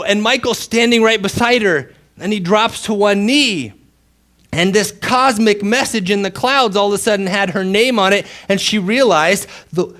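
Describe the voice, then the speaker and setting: A male pastor preaching a sermon with dramatic storytelling, dropping to a hush and then rising loud for emphasis. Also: sits high. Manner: dramatic storytelling, swings between hushed and loud.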